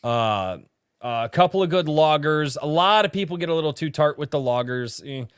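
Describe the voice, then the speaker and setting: A man's voice: on the high side, lively intonation, moderate pace, clear, resonant tone, no echo, clean studio sound. A man hosting a casual livestream chat, rambling with frequent restarts and casual swearing. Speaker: podcast host.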